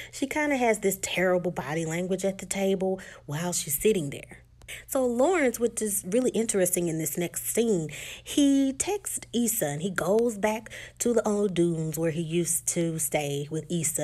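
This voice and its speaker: Chatty woman recapping a TV episode. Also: darkish tone. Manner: chatty, filler-heavy retelling with lots of "like" and "just"; acts out characters' lines in quick shifts of pitch. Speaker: TV recap vlogger.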